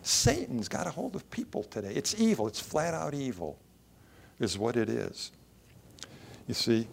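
A man's voice: fairly high pitch, gravelly, a little mellow. A male pastor preaching a sermon, quoting scripture and raising his voice for emphasis.

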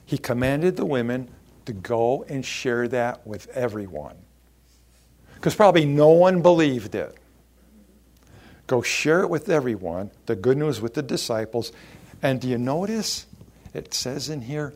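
Slow, lively preaching man. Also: mid-range voice. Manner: expressive preaching, acting out quoted voices. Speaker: pastor. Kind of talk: sermon.

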